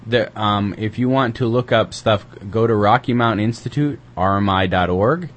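A man's voice: lowish voice, normal speed. A man co-hosting a community radio show, chatting casually and reading news, rambling with lots of hesitant fillers.

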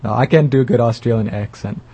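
A man's voice: mid-range voice, fast talker, creaky, warm tone, slightly rough, muffled recording. A man co-hosting a community radio show in casual chat, joking and sarcastic, laughing often.

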